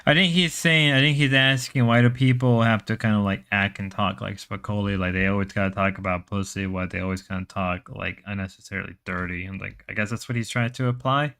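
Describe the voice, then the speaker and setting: A man's voice: on the low side, fairly even intonation, fairly quick, few pauses, fairly bright tone, smooth. A man co-hosting a casual livestream chat, laid-back as he explains things and sets the ground rules. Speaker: stream co-host.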